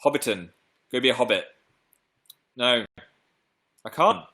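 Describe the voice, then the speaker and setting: A man's voice: mid-range voice, animated, a little slow, pushed and bright. A young man from England hosting a casual live stream, rambling playfully and reading out viewer comments. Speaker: livestream host. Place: home room.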